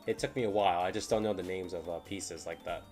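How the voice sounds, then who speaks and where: A man's voice: low voice, fairly even intonation, fast talker, darkish tone. A man reading fanfiction aloud on a stream and commenting in a rambling way, often stopping and repeating words. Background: faint background music.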